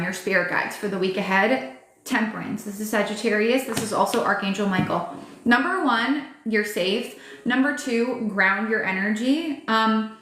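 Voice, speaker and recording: A woman's voice: a little high, a bit bright. Chatty woman tarot reader in a roomy space. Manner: casual, emphatic, addresses viewers as guys; many fillers and restarts, occasional swearing. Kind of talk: live tarot reading with pep talk. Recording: roomy echo with faint music behind.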